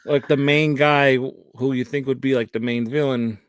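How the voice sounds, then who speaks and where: A man's voice: mid-range voice, steady tone, normal speed, smooth, dry recording. Dry-sounding man hosting casual movie chat. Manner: rambling, filler-heavy recaps. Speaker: podcast host.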